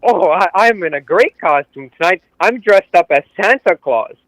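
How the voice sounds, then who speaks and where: A man calls in to a comic show, crude and mocking. His voice is pitched high. The recording is close and dry. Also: lively intonation, moderate pace, a bit bright, dry recording, poor audio. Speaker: caller. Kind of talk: comic call-in.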